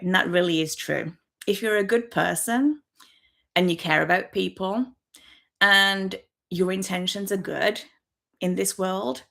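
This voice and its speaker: A woman in her fifties from Birmingham with a softened West Midlands accent, chatting nervously and laughing often as she hosts her own livestream on a laptop microphone. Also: on the low side, gravelly. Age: 50s. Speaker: YouTuber hosting her first livestream. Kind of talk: casual livestream chat to viewers. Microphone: built-in laptop microphone.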